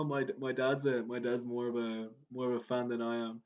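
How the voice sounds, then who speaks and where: A man's voice: mid-range voice, level tone, quick pace, hardly any pauses, highs cut off. Rambling young Irish man telling a story. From Ireland. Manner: rambling storyteller, many "like"s, laughs while talking. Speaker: podcast co-host. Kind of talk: casual chat.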